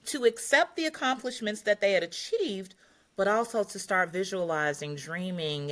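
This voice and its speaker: An older woman as a podcast guest, telling her story in a lively way, acting out quotes and laughing often. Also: fairly low pitch. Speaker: podcast guest, retreat host. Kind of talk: casual interview storytelling.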